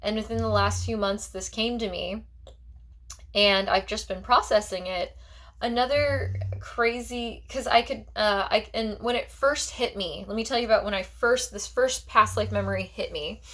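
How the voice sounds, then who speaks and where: A woman's voice: medium pitch, moderate pace, fairly bright tone. A woman talking as a psychic in a personal vlog monologue. She rambles in a heartfelt way and fills her talk with "like" and restarts.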